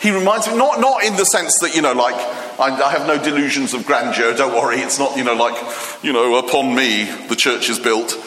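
A man's voice: medium pitch, sharp tone, roomy sound, long reverb tail, a little hiss or hum. A man preaching a sermon, telling the story with humor and acting out voices, often stopping and restarting his words. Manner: halting restarts.

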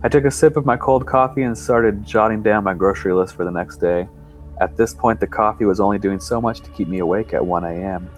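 A low-voiced man narrates a creepy first-person tale at a measured, suspense-building pace. Quiet music runs faintly beneath his voice. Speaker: podcast storyteller. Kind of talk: reading a first-person horror story.

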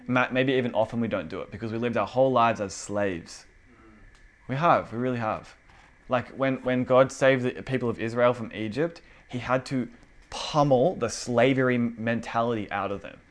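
A young man delivers a casual, conversational sermon in an animated way, packed with fillers. He speaks in a mid-range voice at normal speed.

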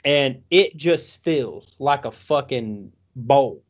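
A man's voice: mid-range voice, expressive, takes it slowly. A young man telling a rambling, profanity-laden story in a casual drawl.

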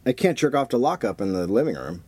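A man's voice: sing-song, quick pace, warm tone, slight background noise. A man co-hosting a podcast, crude and teasing, needling his partner with rude jokes. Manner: crude, teasing, swoops wildly in pitch. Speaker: podcast co-host. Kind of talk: casual podcast chat.

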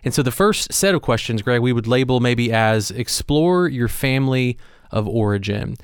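Smooth-voiced man co-hosting a podcast. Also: medium pitch, animated, normal speed, no echo, studio quality. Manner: thoughtful, earnest, many fillers and restarts. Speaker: podcast co-host. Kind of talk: conversational leadership podcast.

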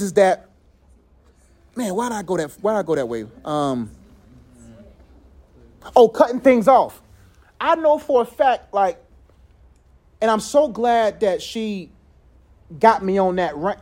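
A man with a high-pitched voice leads a relaxed faith talk with a group. He tells stories in a lively, loose way, often saying "like". He acts out little voices in quotes and laughs freely. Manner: loose conversational phrasing with many "like"s.

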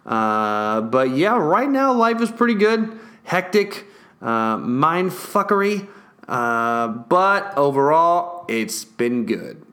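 Young male vlogger, loose casual chat, swears freely, loud bursts then hushed asides. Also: a little high, slow pace. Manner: profane, excitable, jumps between loud and hushed; acts out whispered store dialogue.

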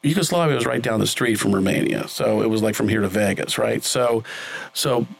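A middle-aged man with a gravelly, creaky voice tells a film-set story in an interview. He rambles loosely, full of fillers and restarts. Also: lowish voice, brisk, low-quality recording. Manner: rambling, with many fillers and self-corrections. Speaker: film director guest. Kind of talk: conversational storytelling.

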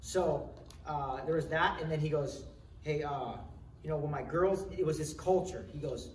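A man's voice: a little high, moderate pace, slight background noise. A man preaching a sermon in an earnest, conversational way, often restarting his sentences. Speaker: pastor. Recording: roomy echo, voice from some distance, faint ambience.

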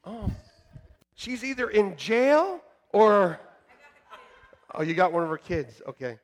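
A male pastor preaching a sermon to his congregation, joking with them and moving between quiet asides and shouted emphasis. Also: sits high, very animated, slow pace. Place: church sanctuary.

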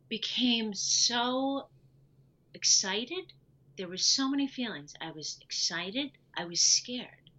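A woman telling her personal story as an interview guest, lively and acting out the dialogue she recalls. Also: mid-range voice, muffled recording. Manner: animated, acts out quoted dialogue.

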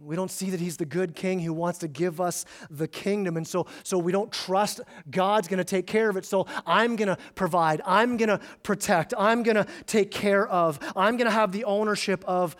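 Male pastor, higher pitched, conversational sermon delivery with stammered repeats for emphasis. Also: fairly even intonation, normal speed, hardly any pauses.

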